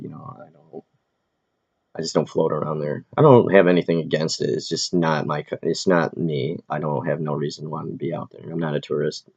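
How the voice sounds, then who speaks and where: A man who is an aspiring comedian, ranting in a rambling, profane, quick-tempered way as he vlogs in a big city. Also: rumbling low, creaky, a little mellow, slightly rough. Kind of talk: casual rambling rant. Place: big city, in or near Manhattan. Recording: dull lo-fi recording.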